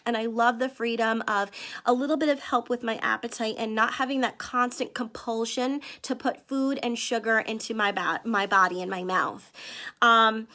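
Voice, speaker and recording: A woman in her twenties or thirties hosts a live sales stream, her voice bright and a little high. She talks earnestly and keeps calling out to her viewers as "you guys" while she answers their comments. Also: steady tone, normal speed. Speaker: wellness vlogger selling supplements.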